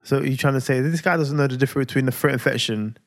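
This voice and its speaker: Young man, podcast co-host, relaxed, quick to chime in, average pitch. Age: young adult. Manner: laid-back, chimes in with short agreements. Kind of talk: casual chat.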